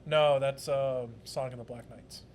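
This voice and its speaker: A man's voice: medium pitch, steady tone, moderate pace, a little hiss or hum. A young man co-hosting a casual podcast, explaining things at length with frequent fillers and restarts. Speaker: podcast co-host. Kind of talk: casual chat.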